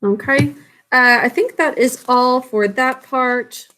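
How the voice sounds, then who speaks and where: Woman teacher, bit high voice, easygoing and chatty, corrects herself as she goes. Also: slow pace, bright, forceful tone, a little hiss or hum. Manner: casual, thinks aloud with self-corrections. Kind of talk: recorded classroom lesson.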